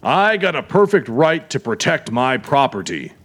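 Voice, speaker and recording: A surly aging tough who bristles at everything, as a male narrator puts him on. His voice sits high and strained as he grumbles back defiantly. He talks in lively, bouncing contours. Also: normal speed. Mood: defiant grumbling. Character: surly aging man, gun-toting warehouse owner. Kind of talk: audiobook character voice.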